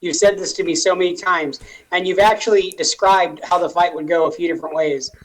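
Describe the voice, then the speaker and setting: A man's voice: high voice, steady tone, fairly quick, a crowd in the background, rough recording. A man co-hosting a casual gaming podcast, teasing his co-hosts with made-up joking stories. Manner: playful teasing banter, spinning joking stories. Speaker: podcast co-host.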